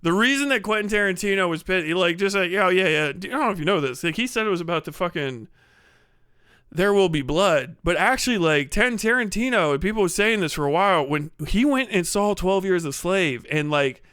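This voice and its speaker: A man holding forth on his livestream in a profane, rambling comic rant, cracking himself up as he goes. His voice sits high and bright. The mic is close, and the sound is dry. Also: lively intonation, a little fast, clear, resonant tone, dry recording. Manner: rambling, crude, laughs often, does impressions.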